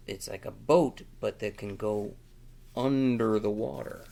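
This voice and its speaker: A man reading a picture book aloud to children at storytime, animated and stopping to ask them questions. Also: medium pitch, creaky. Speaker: storytime reader.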